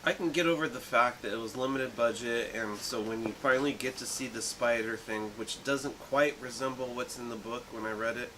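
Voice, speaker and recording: A man in his late thirties co-hosting a movie review podcast, talking in a thoughtful, rambling way with many pauses. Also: medium pitch, steady tone, noisy background. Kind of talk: casual chat.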